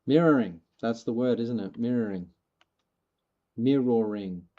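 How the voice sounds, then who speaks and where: A man chatting casually while streaming a game, musing out loud, poking fun at himself and laughing often. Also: fairly low pitch, moderate pace, gravelly, dull audio. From not from the local rural area. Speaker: gaming streamer. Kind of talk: casual chat while playing.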